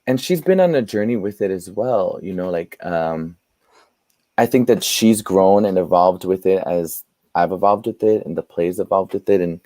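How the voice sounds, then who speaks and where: A man, a guest playwright and performer, telling animated stories in an interview and laughing often. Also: low voice, moderate pace, dry recording. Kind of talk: storytelling in an interview.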